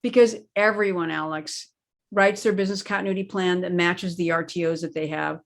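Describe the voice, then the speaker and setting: A woman's voice: on the low side, fairly even intonation, fairly quick, gravelly. A woman speaking as an expert interview guest, explaining her points in an emphatic conversational way and leaning on key words. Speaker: guest expert on crisis planning.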